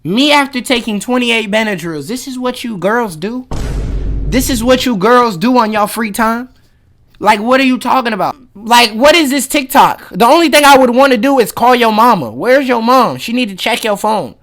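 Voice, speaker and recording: A man in his twenties reacting to a video with loud, mocking, joking slang commentary. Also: extremely high pitch, animated, moderate pace. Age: 20s.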